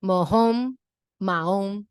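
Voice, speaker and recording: Brief: female podcast host teaching Spanish, lively, drills pronunciation. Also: medium pitch. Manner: lively, repeats words slowly to model pronunciation. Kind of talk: casual podcast lesson.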